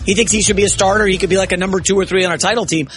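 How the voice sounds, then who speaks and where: A man filling in as a sports radio host, talking in an excitable, rambling way and often correcting himself mid-sentence. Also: high voice, very fast, soft background music.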